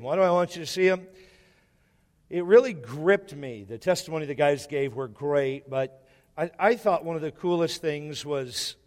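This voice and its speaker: Brief: male pastor, slightly high voice, preaches with repetition and questions to the room, reverberant church hall. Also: darkish tone. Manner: repeats key phrases, asks the congregation questions. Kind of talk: sermon. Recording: echoey hall.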